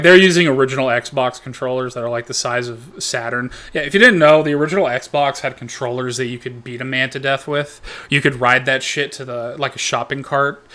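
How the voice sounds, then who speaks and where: A man hosting a reaction video who gives rambling, profanity-laden comedic commentary. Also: medium pitch. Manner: rambling, animated, swears a lot.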